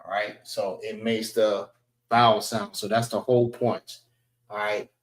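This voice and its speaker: A man teaching a class, slowly sounding out letters one by one and repeating himself. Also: fairly low pitch, flat delivery, roomy sound, rough recording. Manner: slow, repetitive, spells out sounds one by one. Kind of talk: classroom language lesson. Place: library meeting room.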